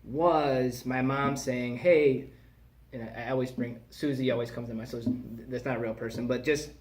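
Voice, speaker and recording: Animated rambling man chatting. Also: mid-range voice, moderate pace, a crowd in the background. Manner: animated, rambling, laughs at his own jokes. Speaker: podcast host. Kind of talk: casual chat.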